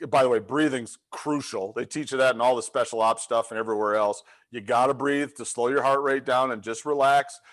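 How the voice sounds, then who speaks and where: A man's voice: medium pitch, a little fast, hardly any pauses. A middle-aged man, a leadership coach, telling a story with energy in a webinar and acting out the voices in it. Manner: animated storyteller, acts out quotes.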